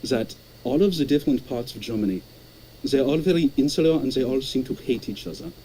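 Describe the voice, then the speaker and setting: A man's voice: medium pitch, brisk, mellow, breathy edge, poor audio. A man calling in to chat, stammering and repeating words as he tells stories. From Canada. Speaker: caller. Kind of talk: casual chat.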